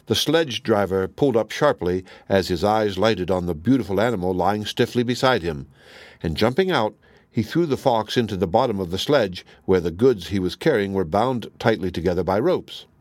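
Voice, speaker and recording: A man narrating a fairy tale in a steady, measured reading. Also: lowish voice, no echo. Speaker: storyteller.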